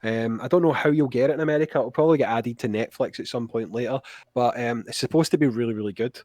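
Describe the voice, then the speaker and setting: A man's voice: medium pitch, quick pace, a little mellow, no echo. Chatty Scottish man, dry sound. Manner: chatty, laughs easily. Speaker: podcast guest. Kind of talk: casual chat.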